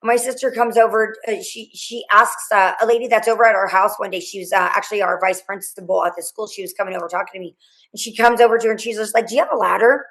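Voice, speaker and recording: Halting middle-aged woman retelling a trauma. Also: medium pitch, fairly even intonation, a bit bright, poor audio. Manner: rambling, halting retelling with many restarts and quoted dialogue. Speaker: guest, mother of a murdered student. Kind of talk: emotional interview storytelling.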